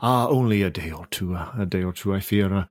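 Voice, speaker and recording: A man voicing a polite, genteel gentleman traveller with formal, hesitant phrasing in a tabletop game. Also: low-pitched, fairly quick, dry recording, faint music behind, lightly acted. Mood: courteous.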